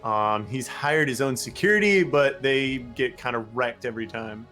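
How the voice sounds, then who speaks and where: A man's voice: mid-range voice, normal speed, sharp tone, soft background music. Rambling man recapping a game. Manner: rambling, filler-heavy recap. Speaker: player recapping the last session. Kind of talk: casual tabletop game chat.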